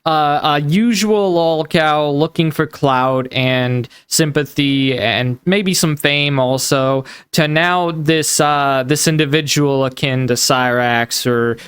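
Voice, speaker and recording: A man narrates his commentary with a smooth, clean voice. His tone is critical and incredulous. The sound is dry and close. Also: on the high side, slow pace, hardly any pauses, a bit bright, dry recording. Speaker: commentary video host. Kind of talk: online drama commentary.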